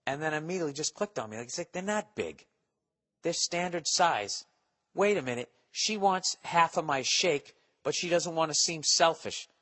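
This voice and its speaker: A man's voice: a little high, brisk, hardly any pauses, bright, forceful tone, big-room sound. Profane rambling male podcast host. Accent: Boston. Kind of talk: casual comedic monologue.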